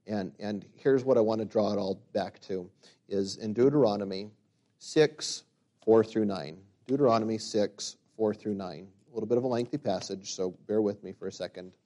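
A middle-aged man preaching a sermon as a pastor. He builds to loud, emphatic peaks and then drops to quiet, reflective passages. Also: fairly low pitch. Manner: reads scripture slowly and forcefully.

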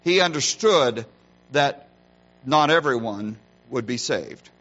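A man's voice: mid-range voice, animated, slow pace, fairly bright tone, dull audio. A man preaching a sermon in an earnest manner, asking his listeners questions and giving each point weight. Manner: earnest preaching, varied emphasis, rhetorical questions. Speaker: pastor.

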